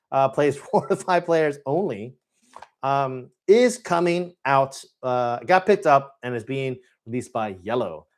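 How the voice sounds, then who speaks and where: A man hosting a live Q&A, chatting with enthusiasm and many fillers. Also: mid-range voice. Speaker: board game channel host. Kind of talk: live Q&A chat.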